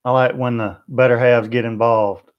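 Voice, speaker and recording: This mid-range male voice has a level tone and normal speed, though the audio sounds dull. Hosting a barbecue livestream in a Southern US accent, he chats in a friendly way and works through viewer comments one by one.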